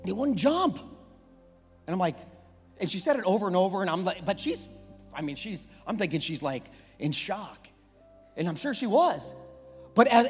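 High-voiced impassioned male pastor. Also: husky. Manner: impassioned storytelling, repeats phrases, builds to shouting. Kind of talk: sermon. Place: church sanctuary. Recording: long hall reverb, faint music.

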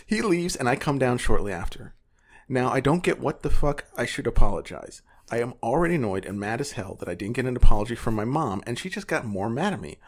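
A man's voice: mid-range voice, expressive, a little fast. A man co-hosting a casual podcast, reading online posts aloud with sardonic asides.

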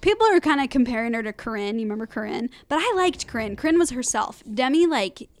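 A woman's voice: a little high, sing-song, quick pace. A woman in her twenties co-hosting a podcast, talking casually and giving strong opinions with lots of fillers. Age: 20s. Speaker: podcast co-host. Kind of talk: casual chat.

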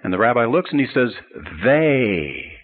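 A man's voice: medium pitch, lively intonation, moderate pace, creaky, narrow, tinny audio. A man teaching a sermon as a Bible teacher, earnest and explanatory. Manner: earnest, explanatory, builds up to a told joke.

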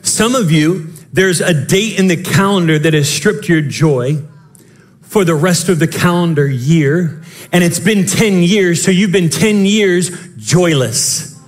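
Man, pastor, sermon, high voice, impassioned, quick asides, shouts. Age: young adult to middle-aged, father of children.

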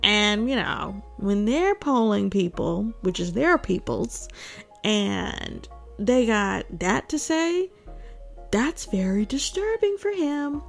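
A woman's voice: mid-range voice, expressive, slow pace, creaky, faint music behind. A woman hosting a casual political commentary, outspoken and emphatic, breaking into laughing asides.

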